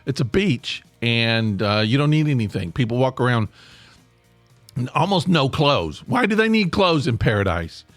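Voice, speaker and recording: Rambling through a laid-back podcast monologue, a host in his sixties cracks jokes at his own expense. His medium-pitched voice swings widely in pitch at a moderate pace, with no echo and faint music in the background.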